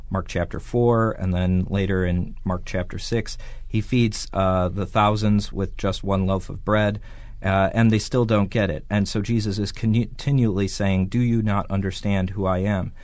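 Brief: male podcast host, low voice, measured and lecturing, dry close sound. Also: no room sound. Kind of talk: explanatory podcast discussion.

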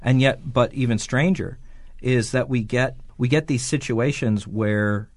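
A man hosting a podcast, giving measured, lecture-like explanations. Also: medium pitch, no room sound, studio quality. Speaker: podcast host.

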